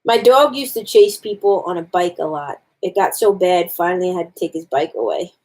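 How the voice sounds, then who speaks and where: A woman's voice: on the low side, brisk, a little mellow. A woman on a casual live stream, reading jokes aloud and commenting on them to her viewers.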